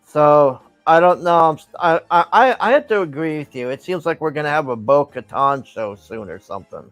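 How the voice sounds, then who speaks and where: A man's voice: on the high side, expressive, moderate pace, a bit bright, dry recording, faint music behind. A man chatting casually as host, laid-back and often stammering and restarting. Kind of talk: casual chat.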